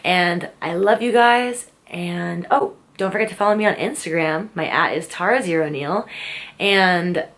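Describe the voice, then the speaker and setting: A woman's voice: lowish voice, unhurried, a bit bright. A young woman answering viewer questions in a casual vlog, talking freely with many fillers. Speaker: vlogger.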